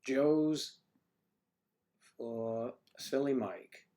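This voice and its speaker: A man's voice: medium pitch, drawn-out words, dark tone. Coughing man chatting on a livestream. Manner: rambling, chatty, joking with the chat. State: has a cough. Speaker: livestream host. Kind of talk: casual livestream chat answering viewers. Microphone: microphone on a stand he keeps adjusting.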